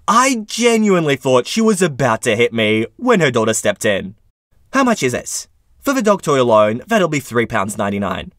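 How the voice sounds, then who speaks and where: A man reading Reddit stories aloud with his own commentary, in an expressive storytelling manner. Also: mid-range voice, no room sound, studio quality. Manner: animated, expressive storytelling with wide swings. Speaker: narrator.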